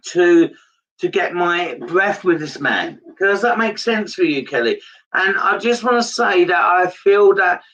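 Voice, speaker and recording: A man's voice: high-pitched, fairly bright tone, distant mic, dull audio. A man giving a live psychic reading, earnest and repetitive in his phrasing. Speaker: medium.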